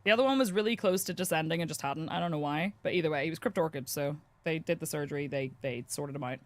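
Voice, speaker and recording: A woman's voice: low voice, quick pace, no room sound. A woman, chatting and telling stories while streaming a game, laughing often. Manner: chatty storyteller, animated, laughs a lot. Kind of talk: casual chat while playing a game.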